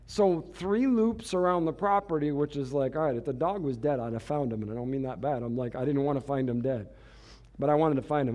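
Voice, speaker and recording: A man's voice: medium pitch, fast talker, dark tone. A man giving a storytelling sermon as a pastor, chatty and self-mocking, laughing at himself.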